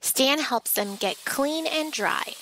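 A woman reading a children's picture book aloud, with gentle, expressive storytelling. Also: high voice, slow pace, slight background noise, rough recording. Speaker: storybook reader.

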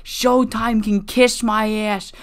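A man's voice: sits high, flat delivery, takes it slowly, clean tone, voice pushed up. A man voicing a furious, trash-talking male champion wrestler who snarls profane threats.

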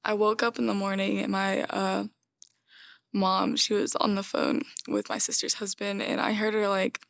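Flat, gravelly-voiced young woman. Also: mid-range voice, normal speed, dry recording, clean studio sound. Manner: hesitant, filler-heavy, searching for words. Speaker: sister interviewed for a documentary. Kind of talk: personal testimony in an interview.

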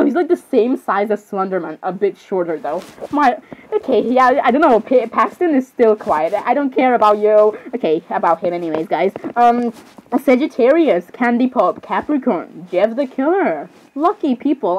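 Young woman, casual rambling reaction read, higher voice, muffled home recording with light hiss. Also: darkish tone. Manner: rambling, giggly, self-interrupting with frequent apologies. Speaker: fan reading creepypasta zodiac lists. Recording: slightly muffled, faint background hiss.

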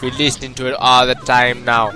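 A man's voice: medium pitch, monotone, a little fast. A man commentating a video game walkthrough in a playful tough-guy persona full of street slang. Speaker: gameplay commentator. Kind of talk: let's-play commentary. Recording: game music clearly behind voice. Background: game music.

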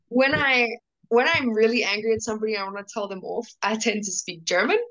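A woman chatting as a guest in a casual conversation, lively and animated. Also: fairly high pitch, normal speed.

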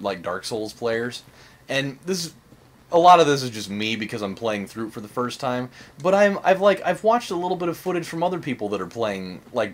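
A young man hosting a let's-play, rambling and joking in casual commentary, swearing and saying "like" a lot. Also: medium pitch. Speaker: gaming channel host.

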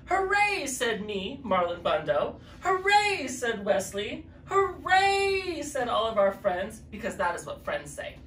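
A woman reading a children's storybook aloud as a drag queen storyteller, with an expressive read-aloud manner. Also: a little slow, hardly any pauses, a little hiss or hum. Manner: expressive, jumps high for character quotes. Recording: roomy echo from a distant mic.

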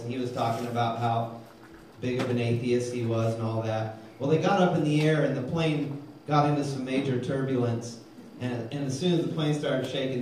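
A man's voice: mid-range voice, a little hiss or hum. Fiery preacher man in an echoey hall. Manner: energetic, calls for amens, tells jokes. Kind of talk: sermon. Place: church hall. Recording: very echoey hall, mic far off.

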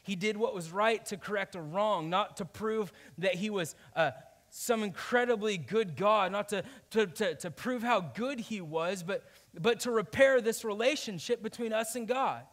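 A man preaching a conversational sermon, often checking in with "right?" and swinging between loud emphasis and quiet asides. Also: sits high, moderate pace. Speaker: pastor.

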